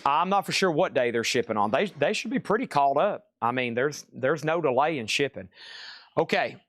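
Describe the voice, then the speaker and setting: A man hosting a live online record sale, firing off prices and titles in quick, excitable patter. He keeps breaking into exclamations. His voice sits close and dry, with no room sound around it. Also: medium pitch, no room sound. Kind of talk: live-stream sales patter.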